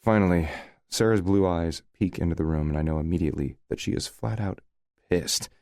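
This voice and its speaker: A man's voice: low voice, brisk, gravelly, a little mellow, dry recording. A man narrating a first-person romance audiobook in a wry, conversational way, recorded close to the mic.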